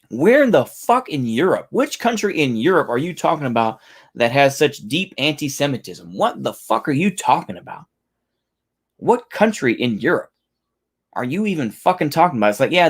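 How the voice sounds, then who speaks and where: A man's voice: medium pitch, big pitch swings, normal speed. A man giving heated, profane reaction commentary, incredulous and swearing often.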